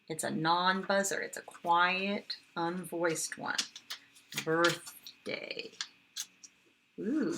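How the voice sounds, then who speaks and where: In a phonics lesson, a female kindergarten teacher sounds out words slowly and with exaggeration for young children. Her voice sits on the low side and has a sharp tone.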